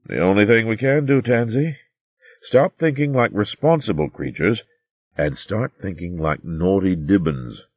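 A man voicing an old male animal recorder in a storybook, calm, wise and gently coaxing, slowing on key words. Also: fairly low pitch, breathy edge, no room sound, dull audio, voice pushed up.

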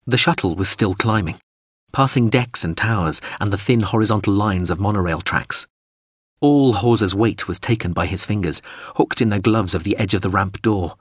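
A man reads an audiobook in a steady, dramatic voice. His tone is low and slightly husky. The recording is dry and close, with no room sound. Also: moderate pace, dry recording. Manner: steady, dramatic reading of an action scene. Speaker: narrator. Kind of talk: audiobook narration.

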